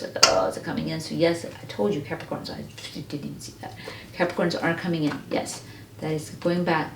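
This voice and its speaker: A woman with a low voice gives a pick-a-card tarot reading and speaks directly to her listeners, earnest and encouraging. She sits away from the mic in an echoey room with faint background noise. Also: creaky, distant mic. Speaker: tarot reader.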